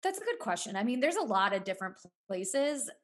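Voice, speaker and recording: Podcast guest: woman, former teacher, mid-pitched, earnest and chatty with soft laughs. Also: sing-song, fast talker. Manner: earnest, talks through ideas with frequent "you know" and soft laughs. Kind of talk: casual podcast conversation.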